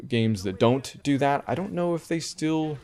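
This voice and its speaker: A man's voice: fairly high pitch, expressive, unhurried, a little mellow. A man hosting a casual video game podcast, rambling and often correcting himself as he talks. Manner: rambling, self-correcting, conversational. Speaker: podcast host reviewing video games. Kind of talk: casual chat.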